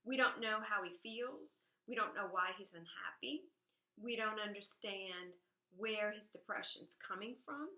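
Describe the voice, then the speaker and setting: A woman English teacher giving a recorded lesson on poems, explaining step by step and reading verse aloud with expressive emphasis. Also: mid-range voice, unhurried, reverberant, poor audio. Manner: explains step by step, checks in with "all right?". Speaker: high school English teacher. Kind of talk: recorded classroom lecture.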